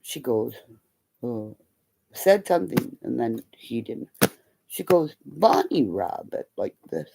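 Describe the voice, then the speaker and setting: A middle-aged woman streaming live spins rambling, profane stories in a bass voice that is slow, creaky and husky, with long pauses. She stays animated throughout, acting out the voices of the characters in her casual chat.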